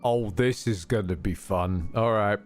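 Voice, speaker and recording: A man's voice: on the low side, unhurried, soft background music. A man streaming a video game, chatting casually in a playful, crude and jokey way. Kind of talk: casual gameplay commentary.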